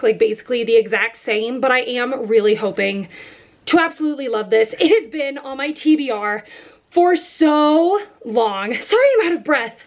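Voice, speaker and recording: A woman chatting casually about the books she plans to read, talking fast and loosely with many fillers as she goes. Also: high voice. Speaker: book vlogger.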